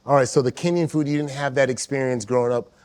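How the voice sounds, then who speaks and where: A man hosting a podcast, asking long, measured questions that wander before landing. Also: medium pitch, steady tone, darkish tone. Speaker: podcast host. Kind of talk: interview questions.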